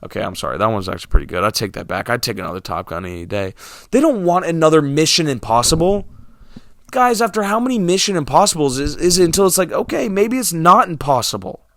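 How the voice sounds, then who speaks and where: A man's voice: on the high side, big pitch swings, fast, fairly bright tone, dry recording, studio quality. A young man ranting casually to his viewers about movies and theaters, sarcastic and exasperated, dropping to mumbles and then flaring up. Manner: exasperated, sarcastic, swinging between mumbles and outbursts. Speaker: movie vlogger.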